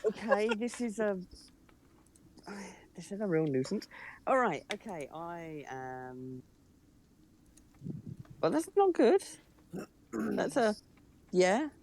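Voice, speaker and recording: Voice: medium pitch, animated, slow pace, long pauses, slight background noise. A player in a tabletop game, speaking hesitantly with many filler sounds. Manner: hesitant, lots of ums. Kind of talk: casual tabletop play.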